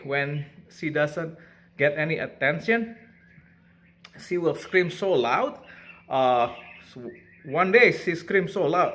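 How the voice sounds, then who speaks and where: Chatty man with a bright voice. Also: on the high side. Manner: chatty, laughs often, coos at his bird. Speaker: pet bird owner vlogger. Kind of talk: casual talk to camera.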